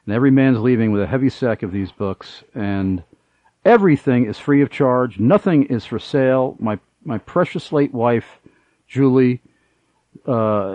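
A man's voice: mid-range voice, moderate pace, no room sound, lo-fi sound. A middle-aged man hosting a Christian radio talk show, speaking earnestly with many fillers.

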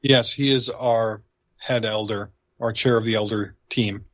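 A man's voice: fairly low pitch, steady tone, unhurried, fairly bright tone, no echo, highs cut off. A man, a pastor, is a guest on a talk program, explaining theology in an earnest, explanatory way.

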